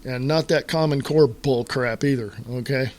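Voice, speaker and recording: A man's voice: medium pitch, darkish tone. A man hosting a solo talk radio show, ranting in an exasperated way to his listeners with lots of fillers and restarts. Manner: halting with fillers and repeated starts.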